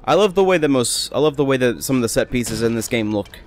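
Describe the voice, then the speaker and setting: A man's voice: mid-range voice, expressive, quick pace. A young man rambling chattily through casual gameplay commentary as a let's play host. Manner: rambling, chatty, self-amused.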